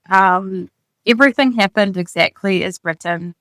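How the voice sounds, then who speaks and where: A woman's voice: fairly low pitch, normal speed, a bit bright, dry recording. A woman author narrating her own story in the first person and adding candid comments after the chapter. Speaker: author reading her own book on her podcast.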